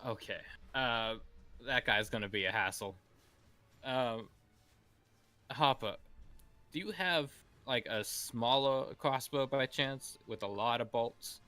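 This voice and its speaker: A man playing a tabletop game, speaking in a measured, polite way. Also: mid-range voice, sharp tone, clear, resonant tone. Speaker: player. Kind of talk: tabletop game role-play.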